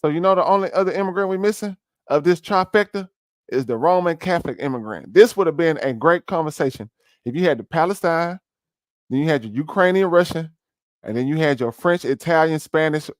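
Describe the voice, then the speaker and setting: Loud, mocking male streamer. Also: a little high, expressive, brisk, dry recording, studio quality. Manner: loud, mocking, slangy rants with sudden shouts. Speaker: streamer reacting to an interview. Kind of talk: reaction stream commentary.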